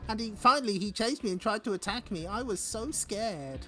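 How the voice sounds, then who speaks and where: A timid schoolgirl from a fighting game, pitched noticeably high and wavering as she tells of being chased, as a man puts her on. Her voice sounds bright and breathless, and her pitch swoops around a great deal. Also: lively intonation, a little fast, faint music behind. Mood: frightened. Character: timid schoolgirl claiming a stalker.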